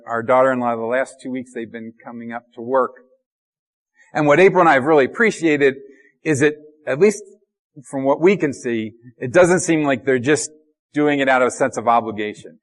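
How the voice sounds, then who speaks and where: A middle-aged man preaching to his congregation in a loose, conversational sermon. He stops and restarts often, fills gaps with ums and repeats his words as he gathers his thoughts. His voice sits at an ordinary male pitch. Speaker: pastor.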